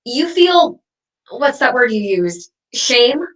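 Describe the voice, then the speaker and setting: A woman acting as a vengeful ghost who haunts her ex, taunting them with sharp, mocking wordplay in a comedy sketch. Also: on the high side, very animated, slow, far from the mic, low-quality recording.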